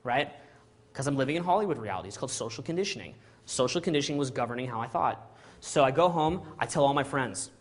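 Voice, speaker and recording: A middle-aged man from Canada, telling a story to an audience in an animated way and acting out the dialogue, often asking "right?" and "okay?". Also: medium pitch, fast talker.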